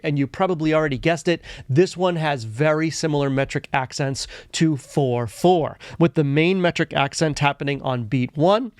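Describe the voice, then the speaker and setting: A man's voice: a little high, no echo, studio quality. Methodical man teaching music theory. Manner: methodical explaining, chants rhythm syllables. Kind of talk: instructional video lesson.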